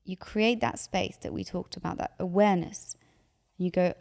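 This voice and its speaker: Animated woman with a gravelly edge. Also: fairly low pitch, normal speed, big-room sound. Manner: animated, acts out anxious inner voices. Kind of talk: conversational advice.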